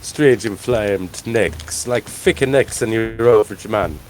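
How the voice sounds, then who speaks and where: A man playing a tabletop game, talking in character with a halting, drawling manner. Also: fairly low pitch, darkish tone, slight background noise. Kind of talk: in-character role-play chat.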